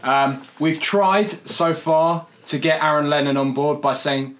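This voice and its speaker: A man's voice: a little high, steady tone, measured pace, few pauses, a bit bright. A man co-hosting a podcast, joking and teasing in casual banter, often laughing. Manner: jokey, teasing, laughs a lot. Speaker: podcast co-host.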